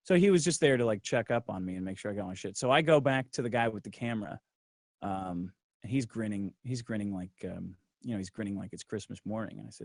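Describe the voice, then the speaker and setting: A middle-aged man telling a profane, brash story in casual livestream talk, acting out other people's lines in a lower voice. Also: fast talker, creaky, no echo, studio quality. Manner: acts out others' lines in a low voice. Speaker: guest.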